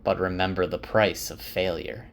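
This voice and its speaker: A man voicing a young male leader who is weary and burdened, reading the lines quickly as part of a casual summary. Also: deep voice, level tone, slight background noise.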